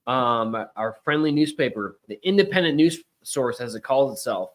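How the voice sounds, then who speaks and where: A man's voice: mid-range voice, lively intonation, normal speed. A middle-aged man hosting a casual political talk show, chatty and emphatic with rambling asides. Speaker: podcast host.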